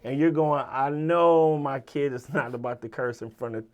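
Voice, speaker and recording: A man with a Virginia accent, a rapper telling stories as an interview guest in a casual, animated way, swearing and acting out the people he quotes. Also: medium pitch, moderate pace. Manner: animated, profane, quotes people in lively voices. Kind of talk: casual storytelling.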